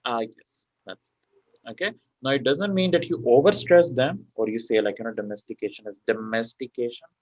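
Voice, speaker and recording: A man teaching an exam prep class, talking his students through each point with plenty of okays and you-knows. His voice sits in a middle pitch and sounds dry and close, as if over a muffled video call. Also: expressive, moderate pace, darkish tone, dry recording. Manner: explains step by step with many fillers like okay and you know. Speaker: PTE exam tutor. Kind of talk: online class lecture.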